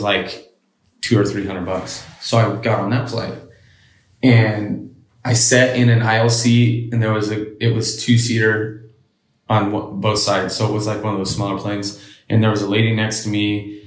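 A man with a lowish voice tells his story casually and bluntly, swearing freely and acting out what each person said. The room around him gives his voice a clear echo. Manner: blunt and profane, retells with quoted dialogue. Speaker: interview guest.

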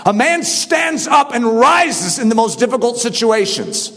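A man preaching a sermon to a congregation, swinging from quiet talk to shouted exhortation. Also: extremely high pitch, sing-song, measured pace, in a large hall.

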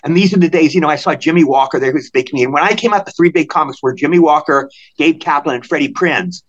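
An older man from Maryland, a podcast guest telling animated anecdotes and acting out the voices of people in them. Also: fairly high pitch, fast talker, dull audio. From Maryland, USA. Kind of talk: storytelling in a podcast interview.

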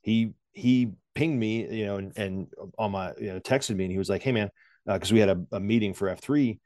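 A man's voice: fairly low pitch, brisk, darkish tone, dry recording, clean studio sound. A man in his forties talking candidly in a casual interview, rambling with many fillers and restarts and joking at his own expense. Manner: self-deprecating humor. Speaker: podcast guest.

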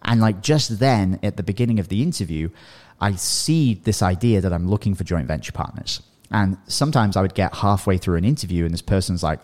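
A slightly low-voiced man coaches his listeners in a loose, chatty podcast style. He talks with animation, drops in "you know" and "right?" often, and slips into sample dialogues as he teaches. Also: fairly quick, a little mellow. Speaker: podcast host and business coach. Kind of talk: casual coaching talk.

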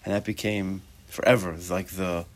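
Low-voiced man teaching a casual Torah class. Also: level tone, normal speed. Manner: casual and conversational, with rhetorical questions and joking asides; mixes Hebrew terms into English speech. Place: class with students present.

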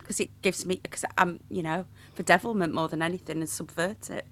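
A woman priest with a regional English accent, telling stories in a playful, animated way during an interview. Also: on the low side, a little fast. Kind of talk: conversational interview.

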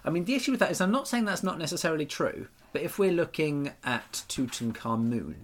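A man's voice: a little high, a little fast. A man co-hosting a chatty podcast, joking and riffing animatedly with his co-host. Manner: animated and jokey. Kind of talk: casual chat.

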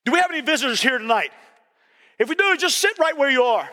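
A middle-aged male pastor delivers a sermon with emphatic repetition and sudden shouting. His voice is strikingly high and bright. It rings through a reverberant church sanctuary. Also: animated, quick pace.

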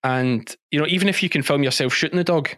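A man's voice: on the high side, fast talker, fairly bright tone, no echo, clean studio sound. Chatty man telling stories. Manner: chatty storytelling, laughs often, repeats himself. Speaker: guest, former policeman and sheep farmer. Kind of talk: casual podcast interview.

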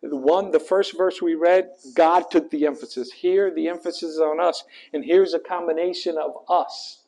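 A male pastor preaching a sermon, slow and earnest, rising in pitch and force at his peaks and asking the congregation to finish verses. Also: steady tone, warm tone.

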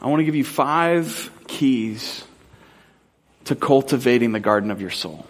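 In an animated, medium-pitched voice, a Southern California pastor delivers a sermon. He begins telling stories casually with frequent "like" and "um," then slows into heartfelt questions.

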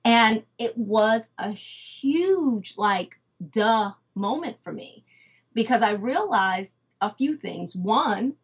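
Female guest, husky voice, animated storyteller, acts out dialogue. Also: on the high side, slow pace. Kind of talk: storytelling in conversation.

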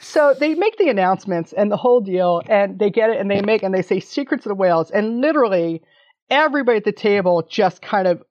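A woman in her fifties telling an animated story as an interview guest, laughing often and swearing casually. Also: medium pitch, fast. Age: 50s. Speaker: interview guest, documentary maker. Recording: dull lo-fi audio.

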